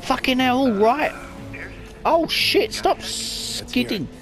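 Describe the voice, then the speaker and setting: A man's voice: very high-pitched, animated, takes it slowly, fairly bright tone. A man giving frantic let's play commentary, swearing a lot and apologizing over and over. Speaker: gamer. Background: game music and car noise.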